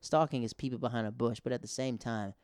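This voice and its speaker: A man's voice: mid-range voice, fairly even intonation, fast, a little mellow, clear, resonant tone, dry recording. Young male comic host, loose rambling monologue, dry close mic. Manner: rambling, conversational, filler-heavy. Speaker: podcast host and stand-up comic. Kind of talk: casual monologue.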